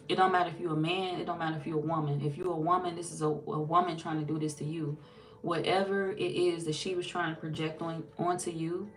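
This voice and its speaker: A woman doing a casual tarot reading, blunt and sassy, swearing freely and talking straight to the viewer. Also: on the low side. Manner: blunt, sassy and heavily profane; animated, talks straight to the viewer. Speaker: tarot reader.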